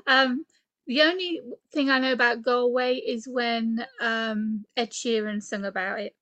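A woman from England hosting an interview podcast, chatty and animated, laughing often. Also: a little high, unhurried, muffled recording. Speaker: podcast host. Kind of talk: casual interview chat.

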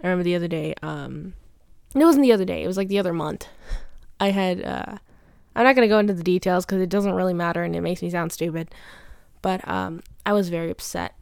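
Rambling, confessional young woman, lowish voice. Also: fast talker, vocal fry, darkish tone, clean tone, no echo, clean studio sound. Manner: rambling, confessional, many fillers. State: teary. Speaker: podcaster. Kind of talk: personal diary monologue.

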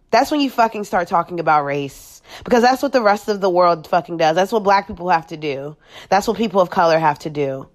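A woman with a deep, low voice speaks as a podcast guest. She talks frankly and swears freely. Her sentences break off and restart as she searches for words. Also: lively intonation. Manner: blunt and profane, with halting restarts. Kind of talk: candid personal reflection.

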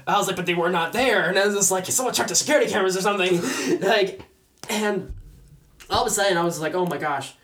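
A man's voice: sits high, quick pace, slight background noise. Young man, casual storyteller, laughs a lot and plays out quotes. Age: young adult. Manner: animated, laughing often, acting out quoted voices.

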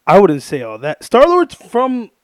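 A man's voice: high voice, huge pitch swings, a little slow, dry recording, clean studio sound. A young man hosting a casual podcast, joking, swearing and laughing a lot. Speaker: podcast host. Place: garage bedroom. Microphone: studio mic.

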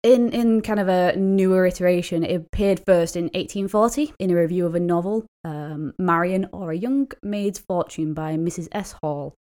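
A woman's voice: on the low side, moderate pace, few pauses, mellow. A woman co-hosting a casual podcast, explaining word origins with fillers and light laughter. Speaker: podcast co-host.

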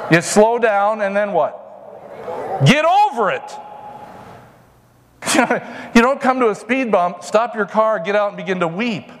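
A man's voice: sits high, lively intonation, takes it slowly, pauses often, long reverb tail. A pastor preaching a conversational sermon to his congregation in a church, now and then mocking a whiner in a put-on voice. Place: church sanctuary.

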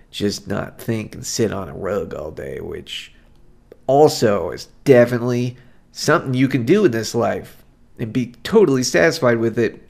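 Gravelly-voiced man musing on a podcast. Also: lowish voice. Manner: rambling, self-deprecating, reflective. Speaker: podcast host. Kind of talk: casual solo podcast monologue.

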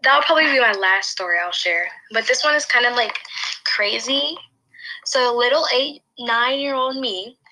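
A young woman chats through a long personal story on a casual podcast. She rambles, restarts sentences and leans on fillers. Her voice is bright and sits a little high. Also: moderate pace, low-quality recording. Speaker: podcast host.

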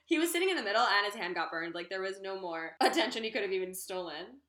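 A woman's voice: mid-range voice, expressive, fast talker, a bit bright, echoey room. A young woman co-hosting a casual sibling podcast, teasing her brother and giggling. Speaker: podcast co-host.

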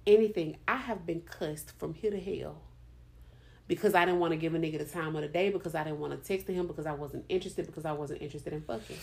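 A woman hosting a podcast, talking in a blunt, profane and animated way. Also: sits low, fast, gravelly. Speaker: podcast host. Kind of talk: candid casual chat.

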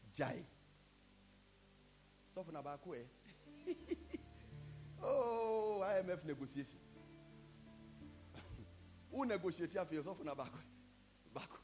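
A man with a Ghanaian accent preaching a sermon, building up to shouted lines. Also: a little high, low-quality recording. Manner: preaching, switching between Twi and English, rising to shouts. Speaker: pastor. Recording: with loud music behind.

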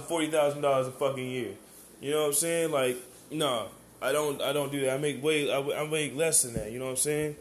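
An American man delivers a heated, rambling rant in a somewhat high voice. His talk is full of profanity and restarts. He keeps checking in with the listener. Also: a little hiss or hum. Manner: keeps asking "you know what I'm saying". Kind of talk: ranting monologue.

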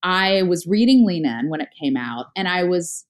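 A middle-aged woman telling a story in casual conversation, talking fast with lots of filler words and acting out what people said. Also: fairly low pitch, animated. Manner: fast, chatty, lots of "like" fillers, acts out her own past lines. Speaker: guest, startup founder.

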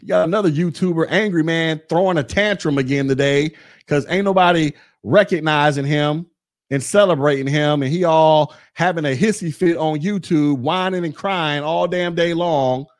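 A man's voice: a little high, normal speed. A man in his forties hosting a podcast, ranting bluntly with mocking, profane talk. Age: 40s. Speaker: podcast host. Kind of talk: casual rant.

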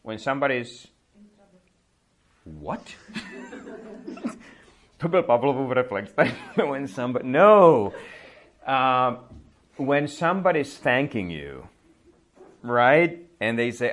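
A man who grew up speaking Czech teaches a language class, explaining phrases through lively example dialogues. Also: medium pitch, slow, pauses often.

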